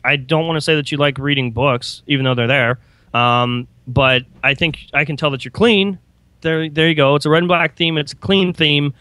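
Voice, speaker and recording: A man's voice: on the high side, moderate pace, sharp tone, no room sound. A young man co-hosting a show, chatting casually and joking as he gives scores. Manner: joking, easygoing. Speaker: co-host. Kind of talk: casual review chat.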